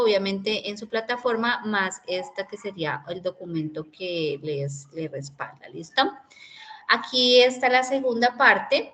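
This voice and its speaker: A woman's voice: mid-range voice, fairly bright tone, low-quality recording. A woman teaching an online English class over a video call, switching between English and Spanish and checking in with the group.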